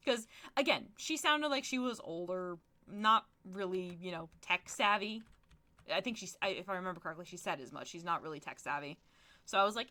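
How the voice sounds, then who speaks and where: A young woman streamer tells stories in a casual, chatty way, tossing in plenty of fillers and laughs. Her voice swings widely in pitch and has a bright, forward edge. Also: fairly quick. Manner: animated storytelling with frequent laughs and fillers. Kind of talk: casual chat while gaming.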